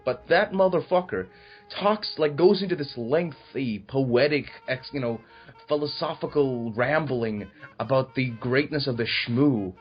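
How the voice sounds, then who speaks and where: A young man in casual film review chat, profane and riffing with mocking asides, husky voiced. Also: fairly high pitch, dull audio. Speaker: podcast co-host.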